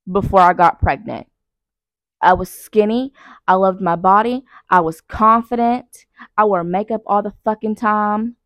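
A young woman with a medium-pitched voice and no room sound hosts her podcast alone from the couch at night. The casual chat is blunt and full of swearing, rambling, and jokes at her own expense.

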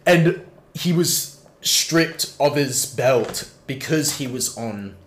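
A young man chats with his friends, swearing freely as he tells his story. His voice sits at a middling pitch. The room around him is roomy and echoey. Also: expressive, slow pace, a little hiss or hum. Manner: swears a lot, acts out voices in his stories. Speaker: podcast co-host. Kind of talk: casual chat among friends. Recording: roomy echo.

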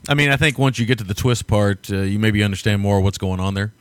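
A man from the States chats loosely about a film on a podcast. His voice sits a little low, and it sounds close and dry with no room around it. He rambles, laughs a lot and lets the odd swear word slip. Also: quick pace, smooth, dry recording. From United States. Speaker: podcast co-host. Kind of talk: casual film review chat.

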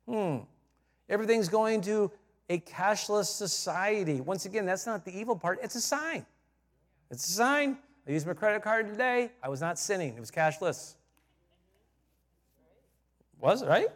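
A high-pitched male pastor preaches in a church, and his voice rings with a long reverb. He drops to quiet asides, then builds to loud emphatic points and repeats key phrases for effect. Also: moderate pace, pauses often. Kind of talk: sermon. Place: church sanctuary.

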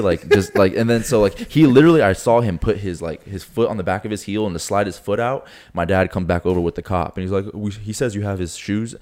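A man's voice: fairly low pitch, quick pace, hardly any pauses, darkish tone. A young man in his twenties from Florida, co-hosting a podcast and telling a story in casual chat, acting out quotes with swearing and laughter. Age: 20s. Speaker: podcast co-host.

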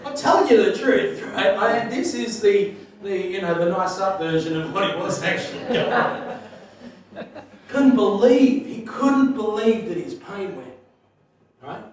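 A man preaching in a big echoing hall, his voice sitting high for a man and heard from a distance off the mic. He tells his story animatedly, laughing often and dropping to a hush for the tender parts. A faint ambient hum lies underneath. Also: a little slow, crowd noise. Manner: animated, laughing storyteller who swings from loud to hushed. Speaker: pastor. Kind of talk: sermon storytelling.

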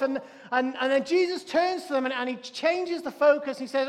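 High-voiced male pastor in a reverberant hall. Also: moderate pace, few pauses. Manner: lively, animated preaching with a joke and repeated restarts. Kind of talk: sermon. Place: church hall.

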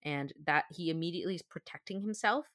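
A woman co-hosts a relaxed chat podcast, reasoning out loud and circling back with frequent fillers. Her voice sits a bit low yet sounds bright and forward. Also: fast, no room sound, studio quality. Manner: chatty, thinks aloud with many fillers. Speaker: podcast co-host. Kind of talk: casual chat.

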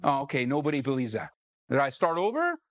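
A man's voice: mid-range voice, wildly swooping pitch, quick pace, fairly bright tone, no room sound, clean studio sound. A man from Southern California preaching a sermon to his congregation in church, calling out questions to the room and driving his points home. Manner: preaching with rising calls to the congregation. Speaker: pastor.

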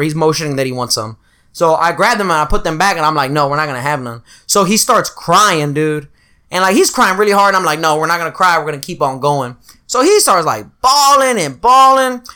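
A man telling crude, animated stories in a casual chat with a friend. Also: a little high, clear, resonant tone.

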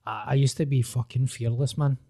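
A man's voice: medium pitch, steady tone, a little fast, creaky, warm tone, no room sound, clean studio sound. Scottish guy, casual chat, sympathetic and reflective.

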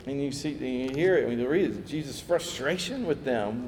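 A man preaching a sermon, lively, acting out quoted voices as he tells the story. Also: mid-range voice, moderate pace, few pauses, a little hiss or hum. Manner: animated, acts out quoted voices, chuckles. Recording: echoey hall with faint ambience.

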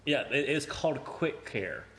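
A man's voice: mid-range voice, sing-song, unhurried, fairly bright tone, slight background noise. A young man casually telling a story in a podcast chat, swearing a lot, laughing and acting out quotes. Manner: profane, laughing, acts out quotes.

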